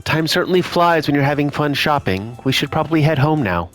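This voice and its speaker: A man in a game let's play, calmly reading the protagonist's dialogue and inner thoughts aloud. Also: on the high side, brisk, few pauses, soft background music.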